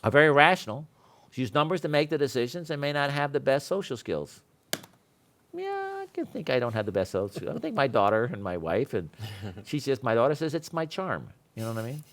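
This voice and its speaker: A middle-aged man teaching a seminar class, telling stories in a casual, animated way and laughing often. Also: medium pitch, a little fast. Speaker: seminar instructor.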